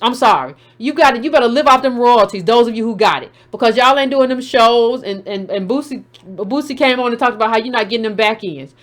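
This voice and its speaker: Blunt high-voiced woman host. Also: brisk, hardly any pauses. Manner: blunt, combative, repeats herself to hold the floor. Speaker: show host taking calls. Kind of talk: heated call-in show commentary.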